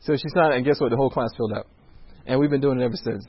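A man who runs a restaurant tells faith stories, quotes scripture and acts out the dialogue in an animated way. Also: medium pitch, racing, breathy edge. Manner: animated storyteller acting out dialogue. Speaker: restaurant owner sharing a faith testimony. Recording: dull lo-fi recording.

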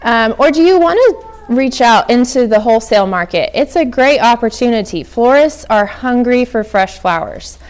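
A woman's voice: a little high, expressive, moderate pace, smooth. A young woman from Oklahoma giving a casual workshop talk on flower farming, chatty with many ums and likes.

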